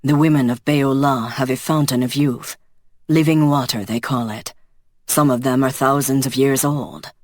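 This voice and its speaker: An audiobook narrator voicing an ancient male vampire who speaks tersely and calmly. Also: mid-range voice, normal speed, no room sound, close to an everyday voice. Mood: guarded.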